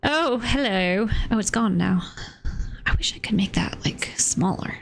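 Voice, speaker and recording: A woman's voice: medium pitch, fairly even intonation, moderate pace, vocal fry, in a whisper, soft background music. Chatty woman streaming a cozy game. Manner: chatty, giggly, swears offhandedly. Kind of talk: casual gameplay commentary.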